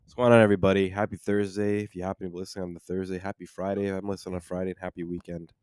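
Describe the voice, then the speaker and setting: A young man co-hosting a podcast from home, laid-back and easygoing. His voice is deep and mellow, and he talks quickly. The recording is close and dry. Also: level tone, clean tone, no room sound. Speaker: podcast co-host. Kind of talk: casual chat. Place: home living room.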